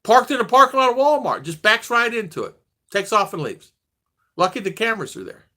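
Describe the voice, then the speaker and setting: A man's voice: sits high, sing-song, brisk, bright, forceful tone. A man in his sixties from the United States, telling rambling stories in a casual vlog chat, often restarting and trailing off. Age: 60s. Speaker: vlogger.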